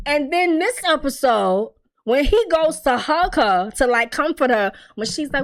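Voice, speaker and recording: A woman's voice: high voice, normal speed. A young adult woman giving a casual, profane TV recap, bluntly acting out the characters' lines as she tells the story. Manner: blunt, profane, animated storytelling with quoted dialogue. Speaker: TV recap host.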